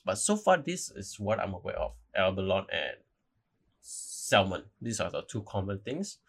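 A young man hosting a casual solo podcast, rambling, apologizing and correcting himself as he goes. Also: lowish voice. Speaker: podcast host.

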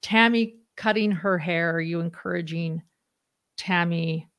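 A woman hosting an interview, gently encouraging her guest to share stories. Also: on the low side, slow, clean tone. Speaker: host.

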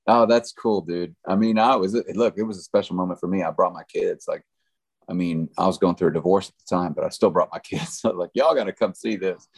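A man's voice: deep voice, steady tone, a little fast, darkish tone, slightly rough. A middle-aged man, a country musician guest, telling stories in a laid-back, rambling way with lots of fillers. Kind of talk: casual storytelling chat.

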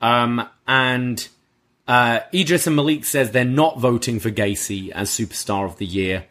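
A man, co-hosting a casual wrestling review podcast, relaxed and chatty with casual swearing. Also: medium pitch, measured pace. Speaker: podcast co-host.

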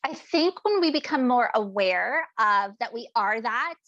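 A woman's voice: on the high side, animated, unhurried, a bit bright, no echo. A woman co-hosting a casual talk about parenting, chatting freely and acting out little back-and-forth dialogues as she explains. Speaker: podcast co-host. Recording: dry, dull lo-fi sound.

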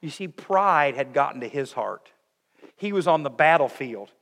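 A man preaching a sermon, emphatic, moving between raised passages and hushed ones. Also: a little high, expressive, moderate pace, long reverb tail. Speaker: pastor.

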